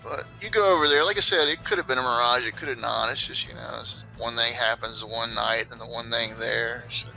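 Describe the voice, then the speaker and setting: Brief: laid-back male game master, loose rambling narration, bright voice, on a voice call. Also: mid-range voice, fairly quick, creaky, few pauses, soft background music, poor audio. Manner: rambling, loose, many fillers. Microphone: online voice call.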